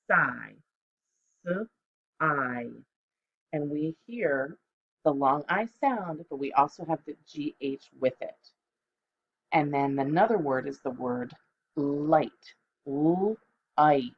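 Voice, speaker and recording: A middle-aged woman, a second grade teacher, giving a recorded phonics lesson, speaking slowly and clearly and spelling words out letter by letter. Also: sits low, lo-fi sound, a little hiss or hum.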